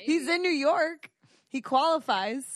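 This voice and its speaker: A woman co-host with a fairly high voice, tossing out blunt, playful reactions in casual chat. The recording is close and dry, with little room sound. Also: expressive, a little slow, dry recording. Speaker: podcast co-host.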